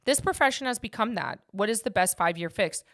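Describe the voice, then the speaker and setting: Bright, forceful woman podcast host. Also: medium pitch, animated, fairly quick. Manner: emphatic, passionate, talks to listeners directly. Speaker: podcast host and mortgage agent. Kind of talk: casual podcast chat.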